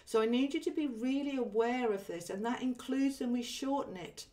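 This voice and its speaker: A woman's voice: on the high side, normal speed, distant mic. A woman hosting a spiritual livestream, chatting casually, saying um often and reading viewer comments aloud. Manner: relaxed, chatty, many ums, reads viewer comments aloud. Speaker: livestream host.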